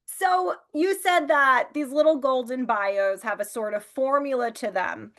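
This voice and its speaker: A woman's voice: high-pitched, measured pace, a bit bright. A woman curator hosting an interview over a video call, enthusiastic and personable. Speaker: museum curator, interview host. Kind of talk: hosted interview conversation.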